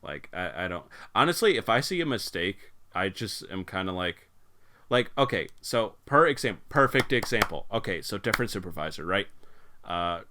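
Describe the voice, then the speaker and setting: A young man with a somewhat low voice hosts a laid-back podcast. He rambles, swears freely and drops into little mocking impressions of people from work. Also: big pitch swings, moderate pace, bright, forceful tone, a little hiss or hum. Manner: rambling, swears a lot, mimics coworkers in put-on voices. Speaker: podcast host. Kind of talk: casual podcast chat.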